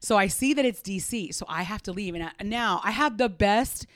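A woman, animatedly telling a personal story as an interview guest, quick to laugh. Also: medium pitch, animated.

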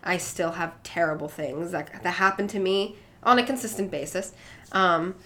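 A woman's voice: lowish voice, moderate pace, bright, forceful tone, a little hiss or hum. A young woman talking candidly as a podcast guest, rambling with many "like" and "um" fillers. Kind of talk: candid personal conversation.

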